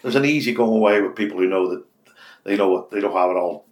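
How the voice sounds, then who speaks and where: A man in his sixties from Belfast with a West Belfast accent, a radio host chatting as an interview guest, telling stories in animated bursts with many restarts. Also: deep voice, fast talker. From Northern Ireland. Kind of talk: casual interview chat. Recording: echoey office room.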